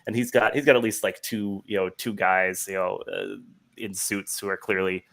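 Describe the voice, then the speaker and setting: A man with a slightly low voice narrates a tabletop game over a video call. He rambles, piling on fillers as he sets each scene. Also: steady tone, normal speed, a bit bright. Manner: rambling, heavy with fillers like "like" and "you know". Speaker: game master.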